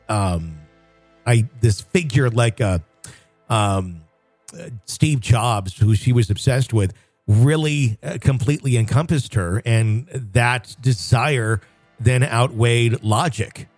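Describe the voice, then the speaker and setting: A man's voice: medium pitch, darkish tone, no room sound. Podcast co-host, male, loose rambling delivery, dry close mic, faint music underneath. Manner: rambling, with frequent restarts and fillers. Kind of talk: casual conversational chat.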